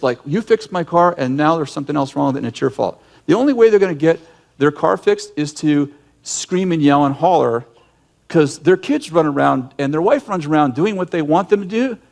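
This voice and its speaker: A man teaches in a conversational sermon style, animated and emphatic. His voice sits a bit high for a man. He speaks bluntly and often breaks off to restart a thought. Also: normal speed, gravelly. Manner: animated storyteller who acts out yelling scenes; direct and emphatic, with frequent restarts. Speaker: ministry leader and teacher.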